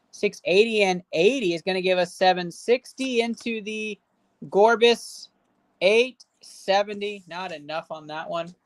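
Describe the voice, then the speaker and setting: A woman hosting a live stream, casually chatting with viewers and rattling off running number totals as she opens packs. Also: fairly low pitch. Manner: rattles off running card value totals aloud; cheers and banters with chat viewers. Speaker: livestream host opening card packs.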